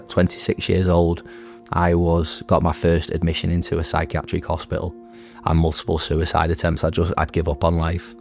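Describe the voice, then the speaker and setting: A man in his thirties, a veteran and recovery centre graduate, gives earnest personal testimony in a halting way with many restarts. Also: low voice.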